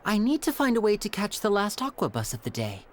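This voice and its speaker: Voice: mid-range voice, huge pitch swings, fairly quick. A performer voicing a charming, polite young stage magician in a video game. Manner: polite, smooth, light laughs.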